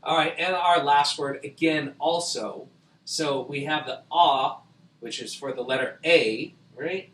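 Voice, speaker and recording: A man's voice: on the high side, measured pace, a bit bright, breathy edge. A man teaching a spelling lesson, patiently explaining rules and sounding out each letter. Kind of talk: spelling tutorial.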